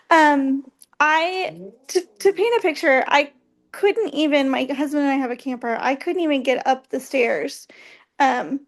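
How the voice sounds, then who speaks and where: A woman's voice: high-pitched, steady tone, measured pace. A woman sharing a personal testimony as a guest, heartfelt and hesitant, with many ums.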